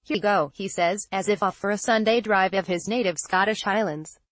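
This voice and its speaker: A woman narrating a news feature, her delivery measured and even as she reads quoted remarks without changing voice. Her pitch sits in an ordinary middle range, and the recording is close and dry with no room sound. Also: dry recording. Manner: even, measured read-through of an article, quotes in the same voice. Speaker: news reader.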